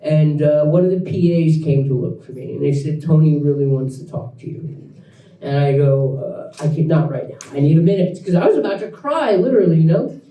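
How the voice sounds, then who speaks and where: A man's voice: a little high, a little fast, lo-fi sound. Man telling a story in an echoey room. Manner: animated storyteller, laughs through lines, acts out quotes. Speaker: actor guest. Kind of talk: live Q&A storytelling. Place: event room with audience. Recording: echoey room, mic at a distance.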